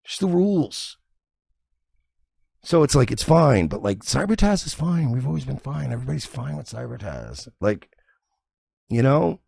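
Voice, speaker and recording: A man's voice: medium pitch, very animated, moderate pace, gravelly, pauses often, darkish tone, breathy edge, no echo, studio quality. A man hosting a stream, rambling and profane in casual reaction commentary. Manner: rambling, profane, many restarts. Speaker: stream host.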